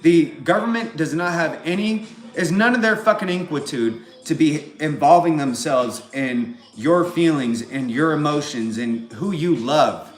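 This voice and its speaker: A man's voice: on the high side, measured pace, hardly any pauses, faint music behind. Profane rambling Californian man. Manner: profane, rambling, repeats filler phrases. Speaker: vlogger. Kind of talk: rambling monologue. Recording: roomy echo.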